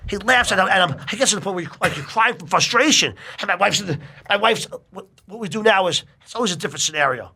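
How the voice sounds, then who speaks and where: A middle-aged man telling a long personal story in casual chat, animated and full of swearing. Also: high-pitched, fast, few pauses, breathy edge.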